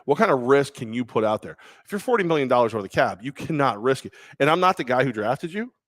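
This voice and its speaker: A man's voice: mid-range voice, expressive, fast talker, no room sound. Joking man on a dry studio mic. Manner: joking, rambling, self-mocking. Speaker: co-host. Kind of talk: casual sports talk. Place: radio studio.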